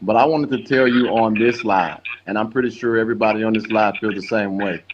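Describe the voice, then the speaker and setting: A man's voice: on the low side, fairly quick. A man hosting a live stream, talking emphatically and full of praise in casual chat. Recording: muffled line with loud noise.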